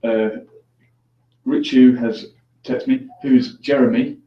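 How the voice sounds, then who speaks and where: A man's voice: mid-range voice, fairly even intonation, slow. A man hosting a call-in show, chatting casually with callers, joking and laughing easily. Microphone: headphones on, mic at a distance. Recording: echoey room, distant dull lo-fi mic.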